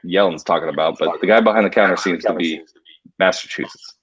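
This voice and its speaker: A man's voice: low-pitched, fairly quick, fairly bright tone, husky, lo-fi sound. Joking male podcast co-host. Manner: joking, loose storytelling. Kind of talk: casual chat.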